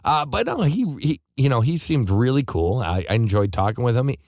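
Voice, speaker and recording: A man hosting a rowdy, casual radio talk show, excitable and joking, with loud cheering bursts. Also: mid-range voice, fairly quick, no echo, studio quality. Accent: Pacific Northwest American.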